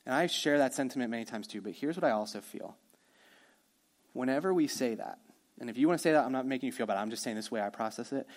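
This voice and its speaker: With a medium-pitched voice, this male pastor preaches energetically and chattily, slipping in brief remarks to the people in the pews.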